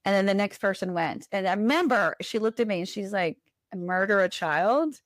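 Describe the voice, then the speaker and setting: Dry, close animated woman storyteller. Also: mid-range voice, fairly quick, dry recording. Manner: animated, acts out quoted voices. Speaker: podcast guest. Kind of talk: casual storytelling conversation.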